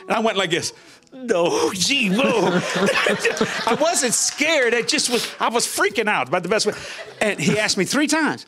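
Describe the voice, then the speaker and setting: An older man, a minister, telling a lively personal testimony in a colloquial way, laughing often and jumping his pitch when he quotes people. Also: a little slow. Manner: animated, laughing, colloquial, voices quotes with big pitch jumps. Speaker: guest minister. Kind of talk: testimony storytelling.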